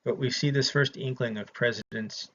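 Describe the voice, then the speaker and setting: A man's voice: medium pitch, fairly even intonation, moderate pace, a bit bright. A man from the American South, giving a casual, chatty history lecture to his students with frequent ums. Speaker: instructor. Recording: slightly dull lo-fi audio with faint noise.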